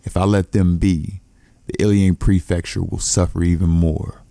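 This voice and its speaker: Cold, curt young demon fighter read by a man, deep and gravelly, flat delivery. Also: moderate pace, dry recording. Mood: blunt. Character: ruthless young male martial arts demon posing as an errand boy.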